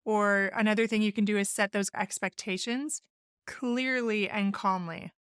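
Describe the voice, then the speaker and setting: Woman, podcast host, therapist, earnest, instructive, mid-range pitch, dry close mic. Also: fairly even intonation, normal speed, a bit bright, smooth, dry recording. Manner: earnest, instructive, acts out sample phrases. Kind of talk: solo podcast advice talk.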